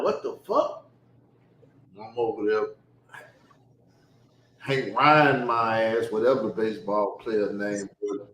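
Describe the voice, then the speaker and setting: Male podcast host, profane animated storyteller, echoey room sound. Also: mid-range voice, a little hiss or hum. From Chicago. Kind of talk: casual storytelling chat.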